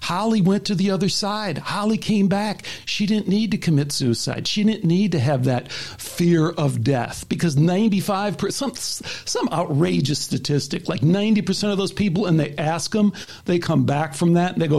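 A man's voice: high voice, moderate pace, gravelly, darkish tone, a little hiss or hum. A man hosting a casual talk show, animatedly retelling a story and acting out the voices in it. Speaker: podcast host.

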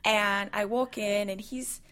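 A woman from South Africa, a guest telling an animated story with swearing and laughter in a casual chat. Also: mid-range voice, takes it slowly, background noise.

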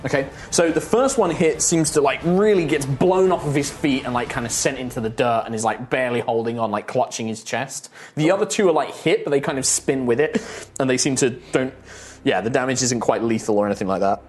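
A man running a tabletop game as game master, telling the action in an animated way with sound effects and frequent chuckles. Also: mid-range voice, brisk.

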